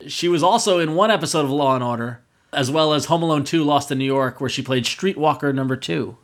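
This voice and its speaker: Higher-voiced male podcast host. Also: brisk. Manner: chatty, laughs easily, repeats movie lines. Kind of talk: casual podcast chat.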